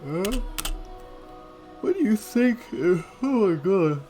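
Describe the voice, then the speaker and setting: A man's voice: mid-range voice, moderate pace, soft background music, close to an everyday voice. A man voicing a bold, defiant noble girl in a visual novel. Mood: exasperated.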